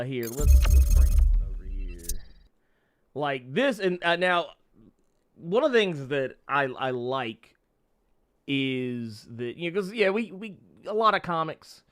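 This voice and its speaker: A man's voice: mid-range voice, clear, resonant tone. A man hosting a casual interview chat, rambling with many restarts and frequent laughter. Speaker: podcast host.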